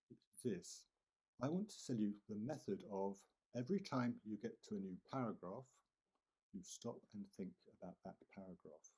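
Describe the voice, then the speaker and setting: Low, mellow-voiced man teaching writing. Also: slightly rough. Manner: deliberate, repeats and emphasizes key words. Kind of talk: instructional talk to camera.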